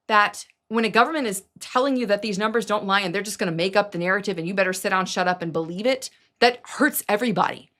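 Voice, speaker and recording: A woman's voice: mid-range voice, a bit bright. Emphatic, sarcastic woman commentator. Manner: sarcastic, emphatic, rants with mocking asides. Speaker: political commentary vlogger. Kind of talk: casual opinion commentary.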